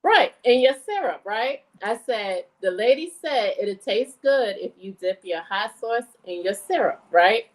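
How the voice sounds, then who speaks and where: A woman's voice: a little slow, hardly any pauses, low-quality recording. A woman from New York whose accent blends New York and Virginian, telling a story in a casual podcast chat and acting out the people in it. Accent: New York mixed with Virginian. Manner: animated storyteller, jumps high to act out others. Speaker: podcast co-host.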